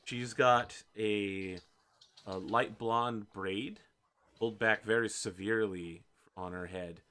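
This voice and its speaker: Male game master host, chatty and self-deprecating, unhurried, bright tone. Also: on the low side, fairly even intonation. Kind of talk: narrating a tabletop game.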